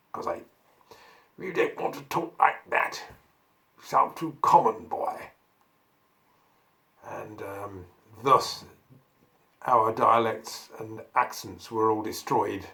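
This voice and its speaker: A man's voice: on the low side, bright, forceful tone. A man from Northamptonshire, a folk singer giving a chatty song introduction at a folk club, with wry asides. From Northamptonshire, England.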